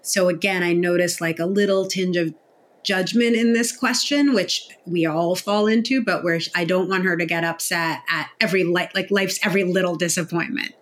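A woman's voice: fairly low pitch, normal speed. A woman guest on a podcast who speaks in a thoughtful, conversational way with some restarts. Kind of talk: casual podcast discussion.

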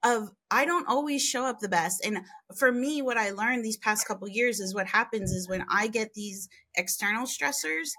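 A woman guesting on a podcast, telling frank, animated stories with mild swearing and big jumps in pitch for emphasis. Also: normal speed, hardly any pauses. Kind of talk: candid conversational storytelling.

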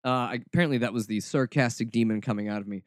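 A man's voice: mid-range voice, quick pace, no echo, clean studio sound. A man hosting a podcast, talking in a sarcastic, snarky and mock-dramatic way in casual commentary. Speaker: podcast host.

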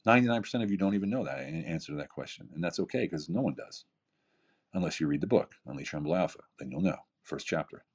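Husky deep-voiced man in his fifties. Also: lively intonation, fast. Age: 50s. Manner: emphatic, repeats phrases, rhetorical questions. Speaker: podcast guest, keynote speaker and author. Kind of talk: casual motivational talk.

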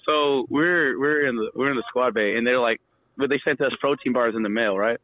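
A young man telling rowdy stories in a casual, animated way, swearing and loudly acting out the voices of others. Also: mid-range voice, fairly quick, slight background noise. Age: young adult. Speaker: guest storyteller. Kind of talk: casual storytelling. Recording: tinny phone-line audio.

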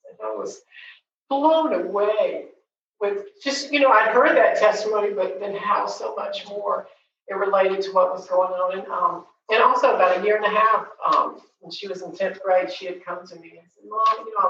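A woman in her forties shares a personal faith testimony, earnest and tender, her speech halting with frequent pauses and fillers. Her voice sits at a middling pitch and is heard from a distance in a very echoey space. The recording sounds dull and muffled. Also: fairly bright tone, slight background noise. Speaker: grieving mother giving testimony.

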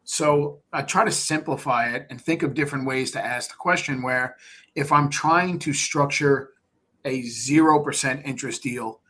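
A man's voice: medium pitch, normal speed, sharp tone. A man speaking as a podcast guest, talking casually and animatedly, often repeating words and acting out conversations with sellers. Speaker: podcast guest, real estate investor. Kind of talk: casual interview talk.

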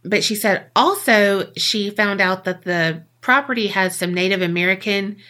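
A woman co-host narrating a strange tale in loose, conversational podcast style. Her voice is bright and forceful, and she swears casually as she goes. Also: medium pitch, moderate pace. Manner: chatty, swears freely. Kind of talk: casual storytelling.

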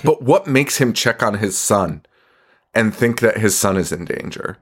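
A man's voice: lowish voice, lively intonation, measured pace. A man hosting a podcast, recapping a movie in casual chat, swearing a lot, laughing often and rambling. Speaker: podcast host.

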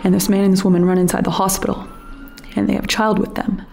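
An actress playing a female paramedic who is falling apart, telling her story in a halting, confessional monologue. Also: mid-range voice, level tone, creaky, a little hiss or hum, natural voice. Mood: weary. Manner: halting, confessional, rising to frantic yelling. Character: burnt-out female paramedic, restless and unraveling. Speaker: paramedic Anna. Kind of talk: audio drama monologue.

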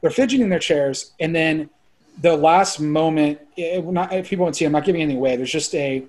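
A man around forty, a filmmaker guest chatting on a podcast, excitable and rambling, full of "like" and casual swearing. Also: a little high, fast talker.

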